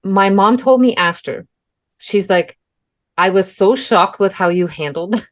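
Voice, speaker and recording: A young adult woman co-hosting a podcast tells a story in casual chat, speaking in a mid-range voice at a measured pace. She's chatty, uses plenty of fillers, and swears now and then.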